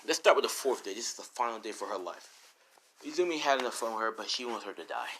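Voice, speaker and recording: A man's voice: mid-range voice, quick pace, slight background noise, low-quality recording. A man casually improvising a fan story, rambling with many fillers and asides. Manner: rambling, filler-heavy, animated.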